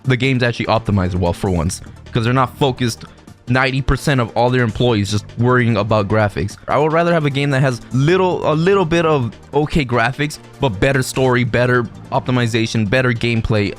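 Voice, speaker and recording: A man's voice: mid-range voice, fairly quick, soft background music. A man hosting a reaction video, talking casually with rambling asides, laughter and self-interruptions. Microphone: desk mic, no webcam.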